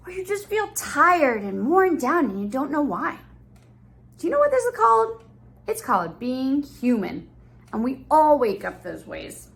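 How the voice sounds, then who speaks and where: A woman who teaches preschool online, reading a picture book and talking to young children in a playful, exaggerated storytelling voice that turns gentle and soothing at times. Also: sits high, very animated, normal speed, gravelly. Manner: sing-song, exaggerated storytelling voice for little kids; gentle and soothing when guiding breathing.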